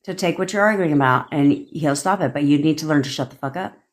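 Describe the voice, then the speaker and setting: Talking fast into her phone, a young woman with a low, deep-set voice rants to her livestream viewers as a manifestation coach. She's blunt, swears freely, and laughs often between points.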